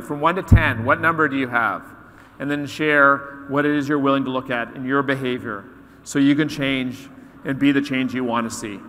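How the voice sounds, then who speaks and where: A man giving a keynote talk to an audience, telling a story in an animated way and acting out the voices of its characters. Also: mid-range voice. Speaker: conference speaker. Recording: long hall reverb.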